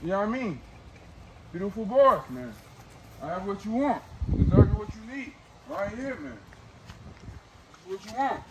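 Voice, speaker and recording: A man's voice: high voice, sing-song, normal speed, noisy background. A young man filming with his phone outdoors, selling puppies in a hyped, slangy way and repeating himself a lot. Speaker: dog breeder. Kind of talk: casual sales video.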